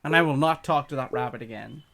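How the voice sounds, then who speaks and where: A man streaming a game live, giving excitable, competitive commentary and reading in-game dialogue aloud. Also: medium pitch, quick pace, vocal fry, background noise.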